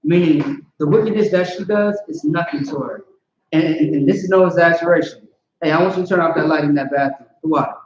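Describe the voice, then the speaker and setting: A man's voice: on the high side, a little fast. Casual man teaching a scripture class. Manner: casual, conversational, peppered with "you know what I'm saying". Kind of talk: informal scripture class lecture. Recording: roomy, dull lo-fi.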